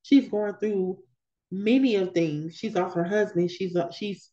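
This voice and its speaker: A woman's voice: mid-range voice, a little slow, dark tone, lo-fi sound. A woman leading a women's Bible study, reading scripture and talking it through in a conversational way with emphatic repetitions. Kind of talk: scripture reading with casual commentary.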